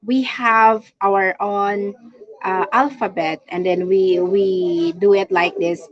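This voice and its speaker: A woman's voice: medium pitch, takes it slowly, highs cut off. A woman from the Philippines with a Filipino accent, chatting casually on a live stream and greeting her viewers. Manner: chatty, greets viewers and reads their comments aloud.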